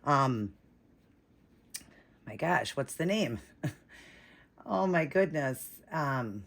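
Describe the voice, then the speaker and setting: A woman vlogging an unboxing, gushing and breathless, shaky with excitement, repeating herself as she talks to viewers. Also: a bass voice, drawn-out words, vocal fry. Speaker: vlogger unboxing a reborn doll.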